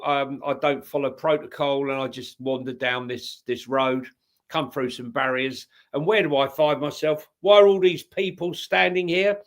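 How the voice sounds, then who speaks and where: Middle-aged man, podcast co-host, rambling anecdotal chat, pitch a touch high. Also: a bit bright. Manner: storytelling, lots of fillers. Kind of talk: casual football chat.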